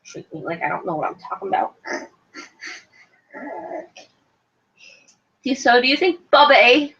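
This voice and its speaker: A woman's voice: fairly high pitch, very animated, measured pace, a bit bright. A woman in her thirties co-hosting a casual reality TV chat, blunt and teasing, swearing playfully. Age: 30s. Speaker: podcast co-host. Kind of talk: casual banter about reality TV. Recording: dull lo-fi home recording.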